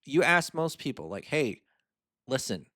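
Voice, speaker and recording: A man's voice: medium pitch, big pitch swings, measured pace, sharp tone, no echo, clean studio sound. Chatty man explaining finance casually. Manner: chatty and informal, lots of fillers and asides; walks through a spreadsheet on screen. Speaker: host of a personal finance channel.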